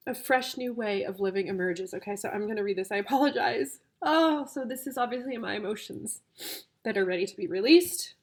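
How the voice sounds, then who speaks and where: A woman's voice: mid-range voice, brisk. A woman reading tarot cards for her viewers as a coach, gushing and emotional, easily moved to tears. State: tearful.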